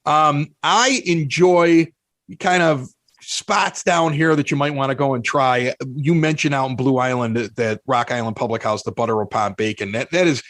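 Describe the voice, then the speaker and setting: A man with a Chicago accent, a podcast guest telling animated, self-mocking stories in casual chat, often restarting his sentences. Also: medium pitch, moderate pace, dry recording.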